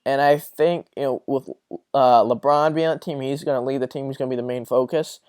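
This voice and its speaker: A man's voice: mid-range voice, steady tone, brisk, darkish tone, clean tone, no room sound. Young guy ranting about sports, lots of swearing, dead dry room. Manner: rambling, profane, exasperated. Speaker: podcast host. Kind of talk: casual solo sports rant.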